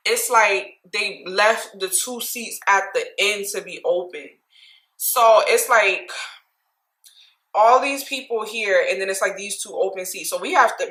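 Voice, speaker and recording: A young woman from New Jersey telling a casual storytime, chatty and animated, laughing often and talking to viewers directly. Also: mid-range voice, moderate pace, reverberant, low-quality recording. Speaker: vlogger.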